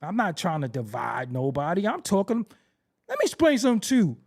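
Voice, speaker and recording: A New man hosting a podcast, his voice sitting notably high for a man. He rants in fired-up commentary, repeating lines for emphasis and throwing out pointed rhetorical questions. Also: wildly swooping pitch, a little fast, vocal fry. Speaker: podcast host. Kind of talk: heated opinion commentary.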